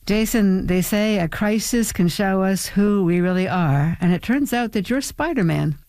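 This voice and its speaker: An unhurried radio interviewer asking light, amused questions in a middle pitch. The sound is dry. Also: darkish tone, dry recording.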